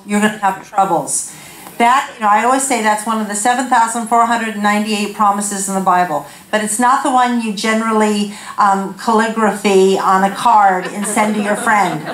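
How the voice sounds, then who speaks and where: A woman's voice: mid-range voice, steady tone, normal speed. Woman, 50s, guest preacher; frank and funny, self-deprecating; hand mic, reverberant sanctuary. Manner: candid, self-deprecating storytelling with laughs. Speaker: guest speaker. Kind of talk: humorous sermon. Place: church sanctuary. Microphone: handheld corded mic. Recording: echoey church hall.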